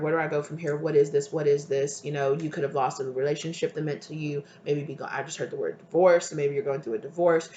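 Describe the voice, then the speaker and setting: Tarot reader, soft and hesitant, mid-pitched, echoey room with light background noise. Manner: soft, tender, hesitant, calls listeners "my love". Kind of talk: intuitive tarot reading to viewers. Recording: roomy with faint ambient noise.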